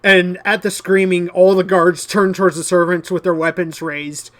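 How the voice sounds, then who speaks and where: A man's voice: high-pitched, little pitch movement, moderate pace, fairly bright tone. A man narrating as game master of a tabletop game, with a hesitant delivery full of fillers.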